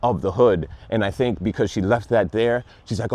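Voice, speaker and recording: A man's voice: on the low side, normal speed, darkish tone, dry recording. A man giving a casual, rambling and sarcastic review of a TV show, plainly exasperated.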